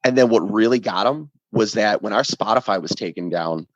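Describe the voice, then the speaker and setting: A man who plays in a ska band, a guest in a casual podcast interview, telling an animated story that is often profane. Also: lowish voice, brisk, dry recording. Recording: dull lo-fi sound, dry.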